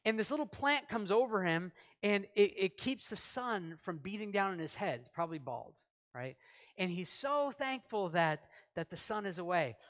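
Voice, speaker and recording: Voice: medium pitch, a bit bright. A pastor preaching a sermon in a church service, talking conversationally, asking the congregation questions and acting out short quoted lines.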